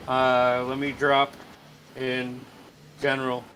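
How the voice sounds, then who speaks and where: A man running a tabletop game as game master, talking slowly with many pauses and fillers. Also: medium pitch, completely flat delivery, a bit bright, slight background noise. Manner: slow, halting, with many fillers. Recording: music playing under the voice.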